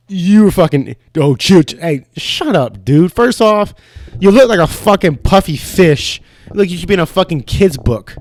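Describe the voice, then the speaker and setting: A man's voice: on the high side, no room sound, studio quality. A young man hosting a podcast alone, rambling in a heated, profane, casual way. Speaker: podcast host. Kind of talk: casual solo podcast rant.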